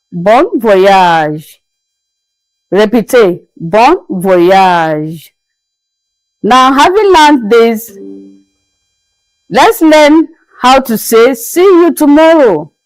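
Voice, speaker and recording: A woman's voice: medium pitch, a little mellow, dry recording, poor audio. A woman teaching basic French phrases in a patient, repetitive classroom manner. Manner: patient, repeats each word slowly. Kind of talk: slow classroom-style lesson.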